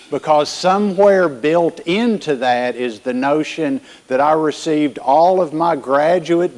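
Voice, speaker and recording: A man giving a conference keynote, joking with the audience and telling them what to do. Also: a little high. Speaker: keynote speaker.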